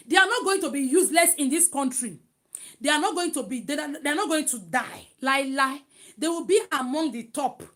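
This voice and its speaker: A woman's voice: high-pitched, a bit bright. A woman with a Nigerian accent, a single mother talking to camera in a vlog, emphatic and preachy as she declares blessings. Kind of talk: casual talk to camera.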